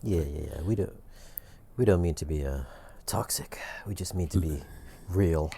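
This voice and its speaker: A man's voice: sits low, normal speed, gravelly, mellow, a little hiss or hum. A man co-hosting a podcast in casual chat, laid-back, rambling and blunt. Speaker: podcast co-host.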